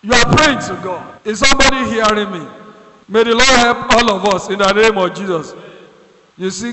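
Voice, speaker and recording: Man, preacher, very high voice, fervent, long hall reverb, loud background noise. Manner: fervent, rising to loud exhortation. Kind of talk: sermon.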